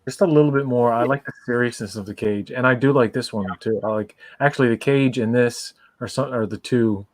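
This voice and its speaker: A man's voice: mid-range voice, fairly quick, dry recording. A man in a casual fan commentary podcast, asking questions and sharing his opinions. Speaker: podcast co-host.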